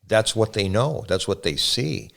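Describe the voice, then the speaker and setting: A man's voice: on the low side, lively intonation, measured pace, gravelly, fairly bright tone. An older man, a pastor, talking casually with his son and reminiscing about growing up with his family. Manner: reminiscing, earnest. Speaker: pastor and guest.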